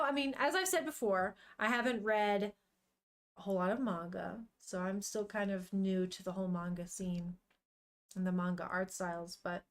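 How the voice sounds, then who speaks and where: A young woman streamer chatting casually and emotionally while reading a comic aloud, swearing now and then. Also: mid-range voice. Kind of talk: casual live-stream commentary.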